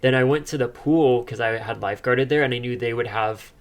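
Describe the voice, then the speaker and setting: A man's voice: mid-range voice, brisk. A young man, a podcast co-host, telling a personal story in casual chat, laughing often as he talks.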